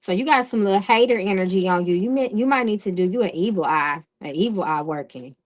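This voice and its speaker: A woman's voice: medium pitch, lively intonation, quick pace. A woman hosting a live-stream tarot reading who talks in a direct, casual way. She often checks in with "okay?" and greets viewers in the chat.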